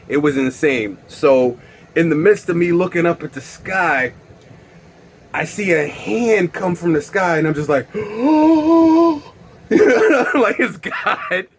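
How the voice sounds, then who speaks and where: A young man telling a wild story on his vlog in a casual, animated way, swearing and bursting into loud exclaims. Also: fairly high pitch. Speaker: vlogger.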